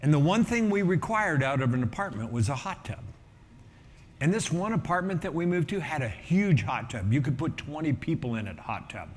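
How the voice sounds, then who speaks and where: A middle-aged man, a pastor, telling a story in a sermon with lively energy and acting out the voices of people in it. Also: fairly high pitch, normal speed, long reverb tail. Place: church auditorium.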